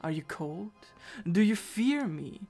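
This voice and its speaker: A brooding, possessive masked man from a game story, voiced by a woman, speaks in a low, hushed and intense manner. The delivery is slow and solemn, with faint game music underneath. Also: lively intonation.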